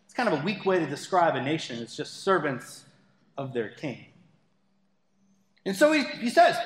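A man's voice: fairly high pitch, very animated, normal speed, husky. A man preaching a sermon as pastor, talking conversationally with playful asides. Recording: echoey hall with long reverb.

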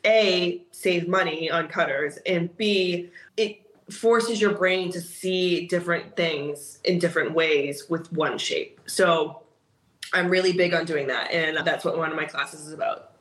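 A woman with a fairly low voice tells her stories in a lively way, with frequent laughter. She is a guest on an interview show and teaches cookie decorating. Her voice sits in a roomy, echoing space. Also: unhurried. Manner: animated, laughs often while telling stories. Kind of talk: casual storytelling in an interview. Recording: roomy echo.

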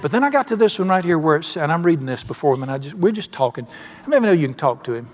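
A man's voice: on the high side, big pitch swings, rapid-fire. A middle-aged man preaching a sermon in a folksy, emphatic way, asking the congregation questions. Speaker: pastor.

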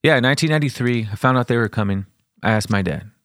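A man's voice: medium pitch, fast. A man in his forties from El Paso, telling a story in casual podcast chat, swearing often and acting out the voices in his quotes. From El Paso, Texas. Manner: profane, animated storyteller, acts out quotes.

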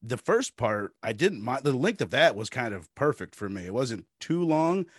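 A man's voice: mid-range voice, sing-song, moderate pace, slightly rough, dry recording, studio quality. A man from the United States giving laid-back, opinionated takes in a casual film chat over a remote call.

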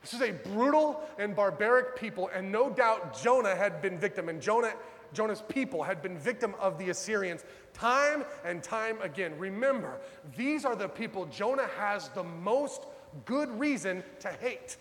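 A man preaching a sermon as pastor, dramatic, swinging from loud urgent pleas to hushed low lines. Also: expressive, normal speed, in a large hall.

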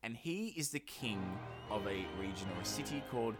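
A man's voice: mid-range voice, expressive, fairly quick, over loud music. A man hosting a history podcast, talking casually with lots of fillers and rambling asides. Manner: rambling, many fillers, jokey put-on voices. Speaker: podcast host.

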